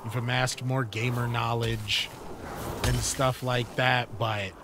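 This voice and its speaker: A man's voice: mid-range voice, flat delivery, takes it slowly, noisy background. A man streaming a game live, chatting casually in a rambling, sidetracked way with many fillers. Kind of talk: casual gaming chat. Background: game music.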